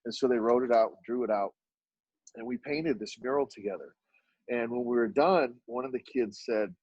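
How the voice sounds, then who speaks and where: A husky-voiced man from Dallas telling animated stories as a podcast guest. He acts out the dialogue and his voice jumps up when he quotes other people. The recording is dry and a little muffled. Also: normal speed, no echo. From Oak Cliff, Dallas, Texas. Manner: animated storyteller who acts out dialogue with sudden jumps in pitch. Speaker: podcast guest, artist and business owner. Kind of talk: storytelling in a conversational interview.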